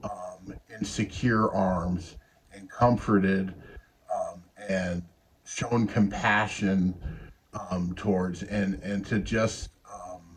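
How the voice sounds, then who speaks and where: Guy in his 40s telling a faith story, slow and halting, lots of ums, bit of hiss behind. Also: deep voice, steady tone, low-quality recording. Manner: halting and tender, many pauses and fillers. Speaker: guest sharing a faith story. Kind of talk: personal testimony.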